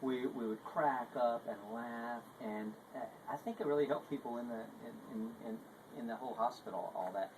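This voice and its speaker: A man speaks at a memorial service in a halting, restarting way, shifting between joking and tender remembrance. The home video recording is noisy and low. His pitch sits in the middle range. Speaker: mourner sharing memories.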